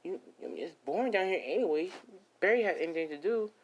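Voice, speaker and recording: A man squeaking as a cheeky little gingerbread man. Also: animated, quick pace. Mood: pestering. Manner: whiny, high-pitched and chattering.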